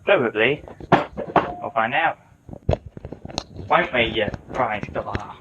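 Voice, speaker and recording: A man's voice: medium pitch, expressive, slow pace, highs cut off, very noisy. A man in casual kitchen banter as a podcast co-host, joking and swearing casually.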